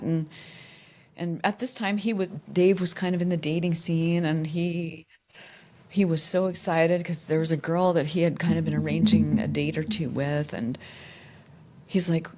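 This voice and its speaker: Low-voiced woman telling her story. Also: fairly even intonation, normal speed, dark tone. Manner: candid, rambling, with many restarts. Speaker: musician guest. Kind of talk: casual interview storytelling.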